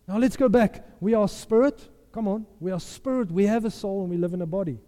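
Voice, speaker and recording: A man's voice: sits high, fairly quick, dark tone. A man preaching a sermon, emphatic and impassioned, repeating his phrases for effect. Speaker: pastor. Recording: long hall reverb.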